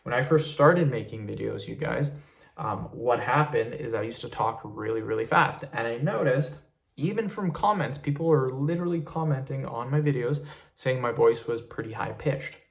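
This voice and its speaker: A man's voice: mid-range voice, normal speed, gravelly. A man giving a casual talking-head tutorial as an online creator, easygoing and repetitive, with plenty of "literally" and "really".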